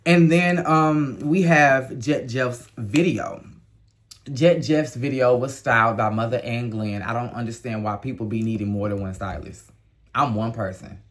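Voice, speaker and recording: A man talking casually in a review vlog. He gives blunt, emotional opinions and now and then jumps up into high exclamations. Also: a little slow. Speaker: reality TV reviewer.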